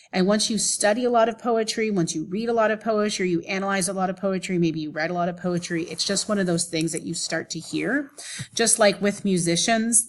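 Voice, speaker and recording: A woman teacher giving a recorded lesson, explaining step by step in a clear, patient way. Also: on the low side. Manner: clear, patient explaining, tapping out rhythms aloud. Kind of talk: classroom video lesson.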